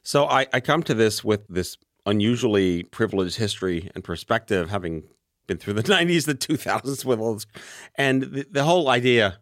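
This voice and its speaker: Man, forties, podcast host, playful jokey questions, very lively pitch, dry close sound. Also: moderate pace, dry recording. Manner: joking, playful, animated questions. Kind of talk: casual interview chat.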